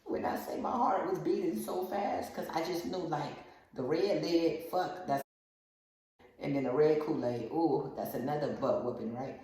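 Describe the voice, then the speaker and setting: A woman vlogger telling a rambling, animated personal story in a casual way. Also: sits low, moderate pace. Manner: rambling, animated storyteller who acts out quotes. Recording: very echoey room, faint hiss.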